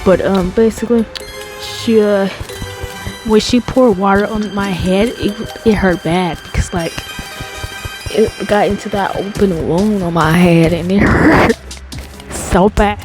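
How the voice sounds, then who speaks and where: A young woman telling a childhood story in a casual, rambling way, full of fillers and deliberately slow. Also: medium pitch. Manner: rambling, filler-heavy, talks slowly on purpose. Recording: background music under the voice.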